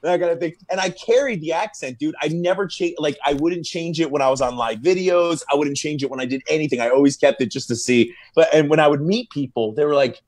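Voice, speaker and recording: A man who is a firefighter and comedy video maker, chatting as a podcast guest, telling stories in a lively, laughing, slangy way. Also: a little high, fast, hardly any pauses. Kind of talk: casual podcast interview.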